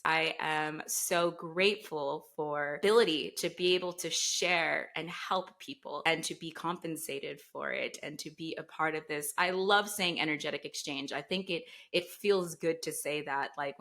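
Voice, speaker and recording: A young woman talks as a guest coach in an earnest, effusive way. Her voice is bright and forceful and sits a little low. She speaks openly and with feeling. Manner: earnest, effusive, gets teary. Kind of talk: emotional interview talk.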